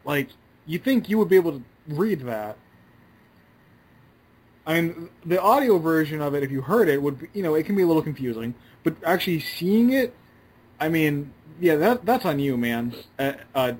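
A man's voice: on the high side, expressive, normal speed, husky, rough recording. A man co-hosting a casual podcast, talking in a rambling, hesitant way. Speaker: podcast co-host. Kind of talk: casual chat.

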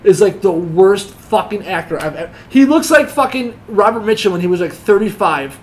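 A man's voice: high voice, lively intonation, normal speed, slight background noise. A man chatting casually, telling rambling, profane stories full of laughter. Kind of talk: casual chat.

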